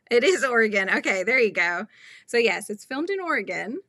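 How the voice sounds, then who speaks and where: A woman in her thirties chats through a crochet tutorial, rambling between topics and laughing easily. Her voice is bright and forceful with a gravelly fry. It is recorded close and dry, with no room sound. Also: on the high side, dry recording. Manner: chatty, rambling, laughs often, reads viewer comments. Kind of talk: casual livestream chat while crocheting.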